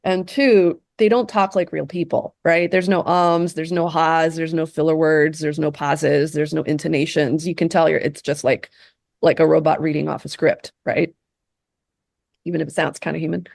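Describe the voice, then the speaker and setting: Low, gravelly woman talking casually. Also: fairly even intonation, normal speed, a little mellow, no echo, clean studio sound. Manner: conversational, many fillers and tag questions. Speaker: meditation session leader. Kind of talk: casual talk to a group.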